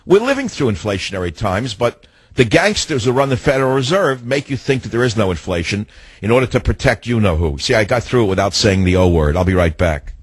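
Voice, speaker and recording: A man's voice: lowish voice, animated, fairly quick, husky, no room sound. A man hosting a call-in radio show, ranting his opinions indignantly between callers. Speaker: talk radio host. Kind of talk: call-in radio talk and monologue.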